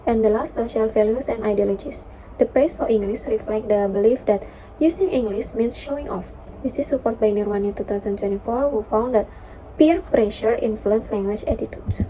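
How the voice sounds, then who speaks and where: A young woman reads her class presentation slowly and with care, often restarting her words and filling pauses. Her voice sits a little high but sounds dark and mellow. The recording is dull and lo-fi, with a faint hiss behind her. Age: young adult. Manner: careful, halting reading with restarts and fillers. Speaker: student presenter.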